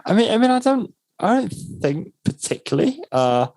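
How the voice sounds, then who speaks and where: A man co-hosting a racing podcast, speaking in a measured, thoughtful way during casual chat. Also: high voice, big pitch swings, a little mellow, dry recording. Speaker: podcast co-host.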